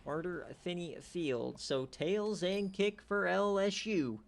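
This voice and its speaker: A man hosting a league stream, giving casual, jokey play-by-play recaps that swing from low mutters to excited shouts. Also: slow pace, creaky, soft background music.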